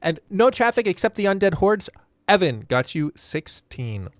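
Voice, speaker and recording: A man's voice: sits high, big pitch swings, normal speed, no echo, clean studio sound. A man hosting a comedy game show, reading out contestant answers and vote counts in a playful, self-deprecating way.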